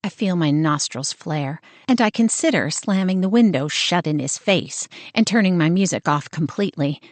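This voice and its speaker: A woman reads a first-person romance audiobook with wry, expressive storytelling. Her voice sits a little low. The recording is dry and close. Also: normal speed, no echo. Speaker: audiobook narrator.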